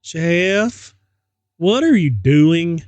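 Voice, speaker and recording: A man voicing a frightened mother with a put-on Southern American accent and a gentle, drawling, motherly way of speaking. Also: on the high side, sing-song, extremely slow, no room sound, voice pushed up, exaggerated voice. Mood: worried. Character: frightened Southern mother, middle-aged woman.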